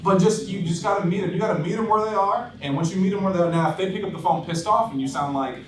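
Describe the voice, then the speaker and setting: A man giving blunt, animated sales coaching to his team, acting out phone calls as he tells stories. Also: high-pitched, fast talker. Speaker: insurance sales trainer. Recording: roomy echo, distant mic, background noise.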